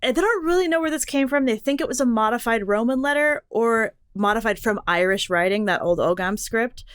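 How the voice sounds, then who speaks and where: A woman co-hosting a casual podcast, explaining things in an animated way, jumping between tangents and laughing often. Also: a little high, brisk, clear, resonant tone. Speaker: podcast co-host explaining letter history.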